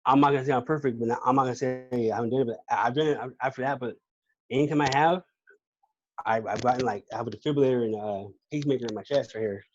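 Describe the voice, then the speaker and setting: A man shares his own story as a podcast guest in a relaxed, slangy way. He stumbles and repeats words as he goes. His voice sits at a middling pitch, and the recording is dull and lo-fi. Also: fast. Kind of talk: casual personal testimony.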